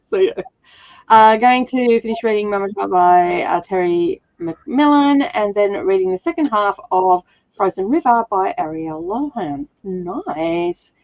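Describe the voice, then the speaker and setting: A woman with a mid-range, expressive voice speaks slowly, hosting a livestream reading sprint where she chats casually and laughs often. She's nursing a sore throat, so her voice sounds slightly rough. The recording is dry, with the highs cut off.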